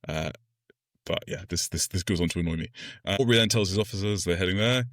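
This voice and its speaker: A man with a fairly low voice co-hosts a film podcast, talking through scenes in a loose, enthusiastic way and laughing often. His voice sits close and dry on the microphone, with no room sound. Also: fast talker, a bit bright, no room sound. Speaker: podcast co-host. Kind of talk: casual film review chat.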